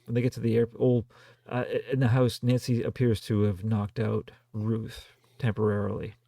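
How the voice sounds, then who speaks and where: Low gravelly man recapping a film. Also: monotone, warm tone, no echo, studio quality. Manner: deliberate, recaps plot and nitpicks. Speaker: podcast co-host. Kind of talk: casual film review chat.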